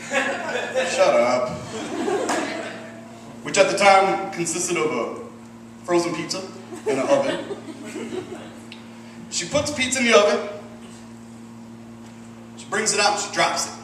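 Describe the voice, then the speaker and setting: A man in his thirties from Michigan doing a stand-up set, deadpan and profane with self-deprecating asides. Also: high voice, unhurried, long pauses, noisy background. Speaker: stand-up comedian. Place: comedy club stage with audience. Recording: roomy distant club recording, loud ambience.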